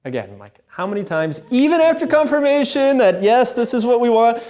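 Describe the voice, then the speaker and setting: A man giving a storytelling talk at a Catholic event, conversational and animated, often checking in with the audience. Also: very high voice, a little fast.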